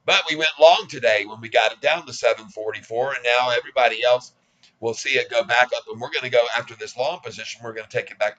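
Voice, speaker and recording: Man in his sixties, bright voice, folksy and cocky, self-mocking, casual stock commentary. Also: mid-range voice, quick pace, dull audio. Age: 60s. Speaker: stock trading vlogger.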